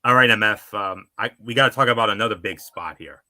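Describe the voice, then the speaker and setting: Bright-voiced male wrestling recap host. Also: on the low side, fairly quick, no room sound. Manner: chatty, with frequent fillers and restarts. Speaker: wrestling show co-host and analyst. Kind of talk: casual podcast recap.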